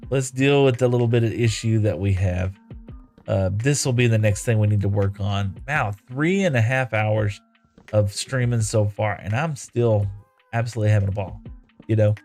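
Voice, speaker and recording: A man's voice: fairly low pitch, normal speed, darkish tone, soft background music. A man chatting casually while streaming a building game, reading viewer comments aloud and thanking viewers. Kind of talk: casual live-stream chat while playing.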